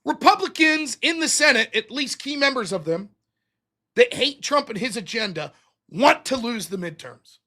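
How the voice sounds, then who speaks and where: Heated, profane political ranter, high voice. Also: male voice, animated, normal speed, pushed and bright. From United States. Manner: sarcastic, profane, heated ranting. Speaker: political talk show host. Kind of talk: livestream political rant.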